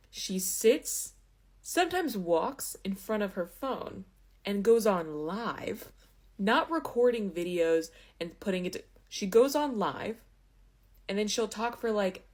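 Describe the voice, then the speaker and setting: A young woman reviewing films in a casual, animated rant, sarcastic and exasperated, with sudden loud outbursts. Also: lowish voice. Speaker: book and film reviewer. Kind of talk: casual ranting review monologue.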